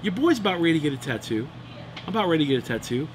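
Lively animated man reviewing cigars. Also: a little high, racing, background noise. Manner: enthusiastic, animated, joking. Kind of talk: casual chat. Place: room in Phoenix, Arizona.

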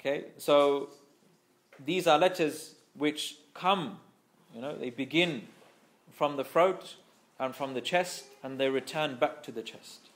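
A man teaching a scripture class, explaining patiently, repeating key phrases, and carefully pronouncing Arabic terms. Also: mid-range voice. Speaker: Islamic teacher.

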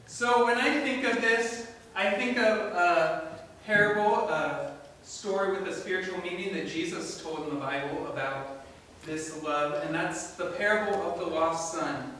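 A man's voice: high-pitched, unhurried, sharp tone, a little hiss or hum. A man preaching a sermon in a church, telling a story with animation and asking the congregation questions. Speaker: pastor. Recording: echoey room from far off.

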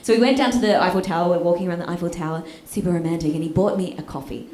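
A young Australian woman telling a comic story on stage, animated and swearing, often asking the crowd "right?". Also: on the low side, very fast. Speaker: stand-up comedian. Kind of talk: live stand-up storytelling. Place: live comedy stage with audience. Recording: echoey live room with noise.

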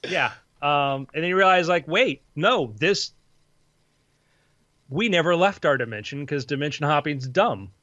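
A man narrating as game master of a tabletop game in a dry, deadpan way. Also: a little high, unhurried, dry recording. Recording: slightly muffled dry audio.

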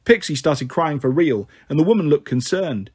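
A man's voice: expressive, moderate pace, a little mellow, husky. A man reading a children's novel aloud, lifting his voice to play the characters. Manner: voices the characters with a raised pitch. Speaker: storyteller.

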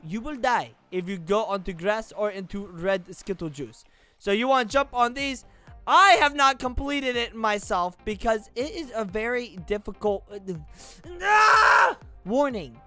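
High-pitched, lively woman gaming. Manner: animated, silly, exclamatory. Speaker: gaming YouTuber. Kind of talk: gameplay commentary.

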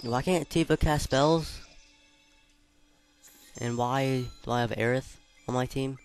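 A man playing a video game and chatting about it in casual commentary, swearing freely and reacting loudly. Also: mid-range voice, slow, faint music behind. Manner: reads game dialogue aloud in between remarks. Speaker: let's player.

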